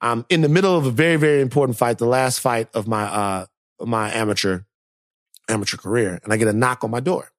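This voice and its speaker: A man hosting a podcast, telling a story in casual, animated chat, repeating phrases for effect and swearing casually. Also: mid-range voice, brisk, dry recording, studio quality. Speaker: podcast host.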